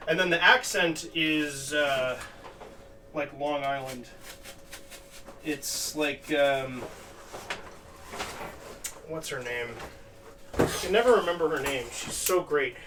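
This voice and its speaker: A man chats casually on a crafting stream, thinking out loud and wandering between half-finished thoughts. His voice sits a little high. He is picked up from some distance, with a faint hiss underneath. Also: takes it slowly, long pauses. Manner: rambling, thinking aloud with many "like"s. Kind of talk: casual live-stream chat while crafting. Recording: distant mic with faint background noise.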